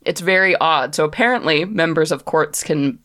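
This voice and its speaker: A woman's voice: low voice, normal speed, a bit bright. A woman narrating a tabletop game as game master, chatty and hesitant, with many fillers.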